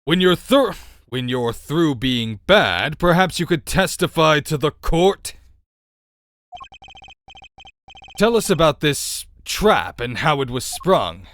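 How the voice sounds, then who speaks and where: A man's voice: fairly high pitch, very animated, measured pace, fairly bright tone, dry recording. A man doing a weary old courtroom judge. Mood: formal. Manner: dry, exasperated, mock-formal. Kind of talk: voicing game dialogue.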